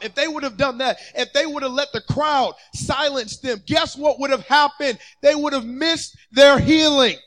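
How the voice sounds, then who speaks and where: A man preaching a sermon from a church stage, fervent and building up to shouts, acting out the people he quotes. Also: very high voice, normal speed, few pauses, rough recording.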